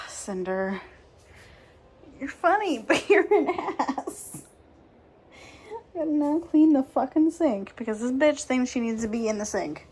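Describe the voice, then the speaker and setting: A woman's voice: sits high, animated, takes it slowly, long pauses, darkish tone, poor audio. A young woman chatting casually on a home vlog, swearing, laughing and ranting about her cat and her neighbors, filmed on a phone. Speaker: vlogger. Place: home, bathroom and office.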